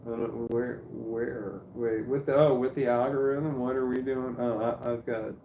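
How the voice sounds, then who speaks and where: A man casually chatting on a live stream, reading viewer comments aloud in a rambling, halting way and repeating words as he goes. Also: mid-range voice, steady tone, gravelly, mellow. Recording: roomy echo with faint noise.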